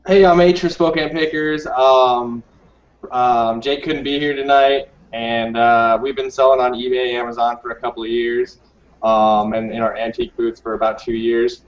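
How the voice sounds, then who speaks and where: A man answers interview questions as a guest on a live stream, pausing often with ums and uhs. His voice comes over an online call from some distance off the mic, with a roomy echo and dull, muffled sound. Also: mid-range voice, steady tone. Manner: hesitant, many ums and uhs.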